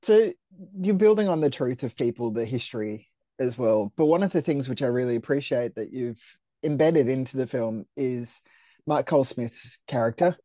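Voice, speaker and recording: A man asks a guest questions in a chatty, slightly stumbling way. His voice is mellow and dark, recorded dry and close with no room sound. He speaks at an average pitch for a man. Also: animated, normal speed, dry recording. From Australia. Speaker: interviewer. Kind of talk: casual interview questions.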